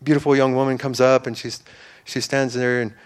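A man's voice: medium pitch, little pitch movement, brisk, clear, resonant tone. A man giving an informal, earnest sermon to a church, rambling with fillers and restarts. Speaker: preacher.

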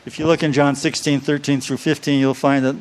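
A man preaching a sermon to his congregation, reading scripture slowly and stressing key phrases by repeating them. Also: mid-range voice, little pitch movement, clear, resonant tone. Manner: reads scripture aloud slowly. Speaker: pastor.

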